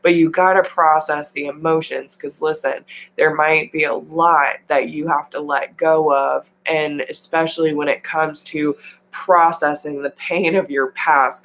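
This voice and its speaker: Slow-talking tarot reader on a live stream. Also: medium pitch, low-quality recording. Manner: warm-hearted, affirming, casual with slang and mild swearing. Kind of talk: casual live spiritual coaching talk.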